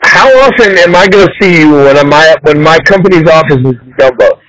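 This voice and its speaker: A man's voice: a little high, brisk, fairly bright tone. A man co-hosting a podcast, cocky and argumentative in casual banter on a phone call. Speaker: podcast co-host.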